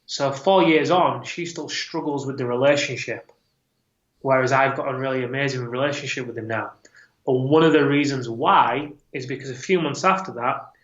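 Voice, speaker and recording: A man's voice: medium pitch, normal speed, a bit bright. A man, a podcast guest telling a personal story in an earnest, reflective way. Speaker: podcast guest, men's coach. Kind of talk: personal story told in an interview. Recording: roomy, slightly dull podcast audio.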